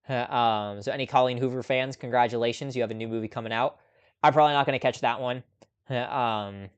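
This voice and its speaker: A man hosts a relaxed live movie chat, rambling casually and laughing softly between thoughts. His voice is smooth and clear, sitting at an ordinary middle pitch. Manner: chatty, laughs often, lots of ums. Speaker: host.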